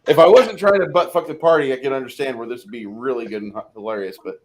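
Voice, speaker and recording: A man's voice: mid-range voice, lively intonation, fast talker, slight background noise. A man narrating as game master of a tabletop game, casual and profane, often laughing.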